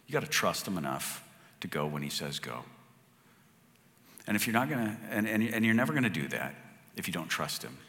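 A man preaching a sermon as pastor, conversational, swinging from loud to hushed. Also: low voice, very animated, a little fast, long pauses. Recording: long hall reverb.

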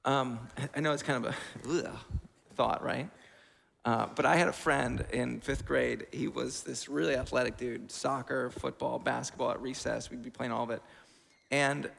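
A man preaching a sermon in a lively, conversational way, with asides, in a church hall. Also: mid-range voice, vocal fry. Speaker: pastor. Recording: long church reverb.

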